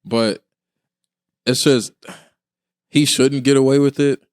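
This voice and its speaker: A man co-hosting a podcast in casual chat, relaxed and rambling, often restarting his sentences. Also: medium pitch, slow, no room sound, studio quality. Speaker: podcast co-host.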